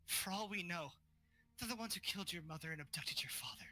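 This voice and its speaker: Guy doing an old guardian lady, earnest, devoted, bright voice. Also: high voice, expressive, fast, full character voice. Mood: pleading. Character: elder female guardian, devoted and pleading.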